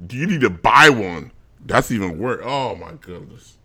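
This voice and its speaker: Bright-voiced ranting man. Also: fairly low pitch, lively intonation, moderate pace. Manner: ranting, exasperated storytelling with lots of restarts. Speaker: podcast co-host. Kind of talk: casual podcast chat.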